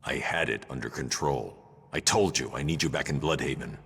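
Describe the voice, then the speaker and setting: A grim masked vigilante, very deep. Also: male voice, fairly quick, a bit bright, breathy edge, long reverb tail, exaggerated voice. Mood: stern. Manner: clipped, stern orders. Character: grim terse male masked vigilante, commanding.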